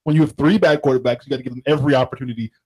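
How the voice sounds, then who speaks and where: A man's voice: mid-range voice, fairly even intonation, rapid-fire, darkish tone, husky. A man co-hosting a sports talk radio show, ranting playfully and laughing often. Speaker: radio co-host.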